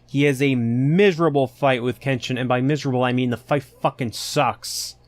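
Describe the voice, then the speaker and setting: A man's voice: mid-range voice, fairly even intonation, moderate pace, no room sound. A man hosting his own podcast, ranting with exasperation and plenty of swearing. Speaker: podcast host. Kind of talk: casual solo podcast rant.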